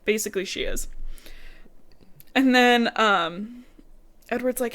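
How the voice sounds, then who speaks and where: A woman's voice: a little high, slow pace, pauses often, fairly bright tone. A woman co-hosting a podcast, recapping a book in casual chat full of "like" and blunt swearing. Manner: chatty, sweary, full of "like" and quoted asides. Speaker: podcast co-host.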